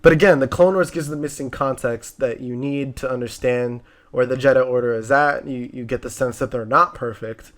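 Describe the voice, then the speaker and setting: A man's voice: medium pitch, fairly even intonation, moderate pace, hardly any pauses, a bit bright. Chatty young man reviewing a movie. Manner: chatty, frequent fillers and restarts. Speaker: co-host of a movie review show. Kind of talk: casual movie discussion.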